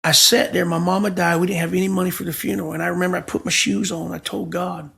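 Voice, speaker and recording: A middle-aged pastor with a high voice and a gravelly edge tells his testimony in a relaxed podcast conversation. He acts out every quoted line with emphatic, lively delivery. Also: quick pace. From Florida, USA. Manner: vivid storyteller acting out quoted dialogue, emphatic.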